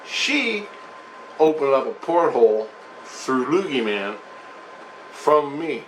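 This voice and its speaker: A man's voice: medium pitch, big pitch swings, slow, a bit bright, a little hiss or hum, rough recording. A man telling a personal story in a rambling, profane, emphatic monologue.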